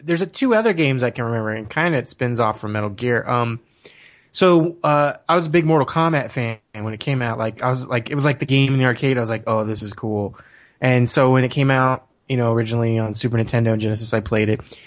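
A man's voice: medium pitch, fast. A man telling long nostalgic stories in casual chat, rambling and laughing often.

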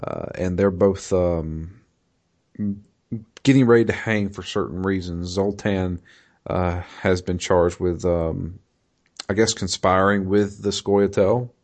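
A man with a very low voice talks slowly and casually. He stops and restarts often, filling gaps with ums and uhs as he recaps a game. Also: steady tone, a little mellow. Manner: halting, many fillers and restarts. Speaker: podcast co-host recapping a video game. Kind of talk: casual chat.

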